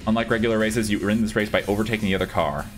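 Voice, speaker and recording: A man streaming a game, swearing often, laughing and reacting loudly to what happens on screen. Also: lowish voice, very fast, music in the background. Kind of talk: casual gameplay streaming.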